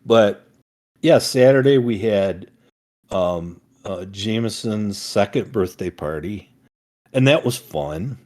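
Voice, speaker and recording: Older man with a very deep voice. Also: animated, slow pace, darkish tone. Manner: rambling, many fillers and restarts. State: recovering from a summer cold. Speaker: podcast co-host, father. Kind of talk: casual family chat.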